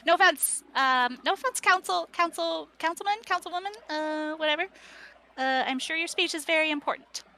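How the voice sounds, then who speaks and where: Give me a woman playing a breezy, friendly talking book with a high, bright voice. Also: normal speed, slight background noise, heavily acted. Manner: breezy, casual, offhand. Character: chatty bored talking poetry book.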